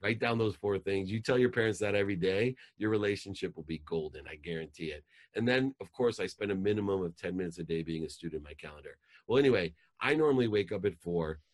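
A man's voice: deep voice, fast, hardly any pauses. A man in his forties, a life coach telling a motivational story in an intense, emphatic way.

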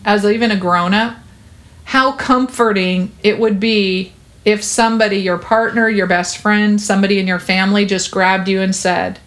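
A woman's voice: medium pitch, fairly even intonation, moderate pace, a bit bright. Earnest woman giving parenting advice. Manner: earnest, reassuring, talks with many fillers. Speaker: parenting guest. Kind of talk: conversational interview.

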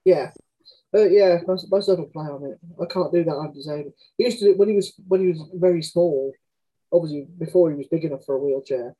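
A woman's voice: low voice, fast, warm tone, slightly rough, highs cut off. A woman, an author telling candid stories in conversation, chatty and frank, often acting out quoted dialogue. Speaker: author guest.

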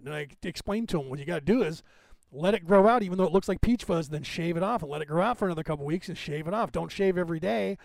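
A man's voice: high voice, fast, gravelly, a little mellow, no echo. A man in his fifties hosting a podcast, rambling casually through anecdotes and laughing often. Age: 50s. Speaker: podcast host.

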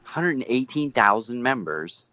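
A man's voice: medium pitch, very animated, unhurried, bright, forceful tone, no room sound. A man co-hosting a podcast, talking casually with lots of fillers and dry humor. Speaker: podcast co-host. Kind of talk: casual chat. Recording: dry, dull lo-fi sound.

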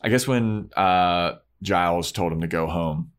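A man's voice: low voice, unhurried, clear, resonant tone. A man casually recapping a TV episode on a podcast, acting out scenes in quoted voices. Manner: animated retelling, acts out scenes in quoted voices. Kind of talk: casual chat.

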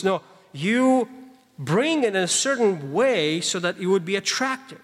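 A man's voice: high voice, sing-song, a little slow, a bit bright. A man preaching a sermon, explaining scripture verses emphatically with conversational asides to the congregation. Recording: long reverb of a large hall.

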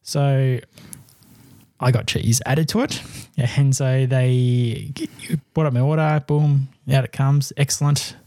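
A man's voice: medium pitch, slow, no room sound. A young Australian man co-hosting a podcast, telling a story in casual chat and acting out what people said. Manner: animated storyteller, acts out quotes, laughs. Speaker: podcast co-host.

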